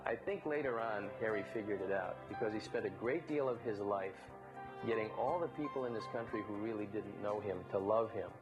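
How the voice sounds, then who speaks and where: A man recounts old stories from his broadcasting days in an easy, anecdotal way. His voice is low and unhurried. Faint guitar music plays softly behind him. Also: lo-fi sound. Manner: relaxed raconteur, briefly mimics others in quotes. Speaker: former baseball broadcaster. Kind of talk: anecdotal storytelling.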